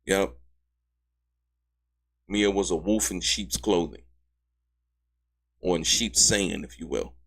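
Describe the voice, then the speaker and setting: A man hosting a casual legal commentary show, excitable and emphatic, who keeps repeating "ladies and gentlemen" and jumps up high in pitch when outraged. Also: slow pace, gravelly, pauses often, breathy edge. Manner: laughs mid-sentence, emphatic repetition. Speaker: commentary channel host.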